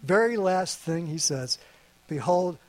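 A man's voice: sits high, expressive, takes it slowly. A man preaching a sermon to a congregation, earnest and conversational with playful asides. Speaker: pastor. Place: church service.

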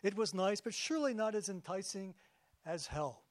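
A man giving a sermon as pastor, conversational and jokey, slowing down for emphasis. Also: high voice, animated, dry recording.

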